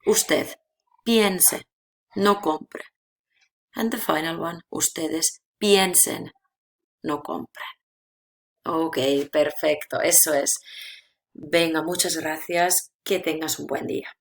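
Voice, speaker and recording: A woman's voice: low-pitched, steady tone. A woman teaching a language lesson, explaining grammar rules patiently and checking in with her viewers with frequent "okay?". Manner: slow repeating of example words. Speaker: Spanish teacher.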